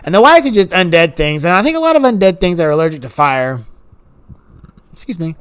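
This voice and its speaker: Animated man rambling over gameplay. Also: quick pace, clear, resonant tone. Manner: rambling, animated, acts out quoted dialogue in higher voices. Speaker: gaming YouTuber. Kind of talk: casual gameplay commentary.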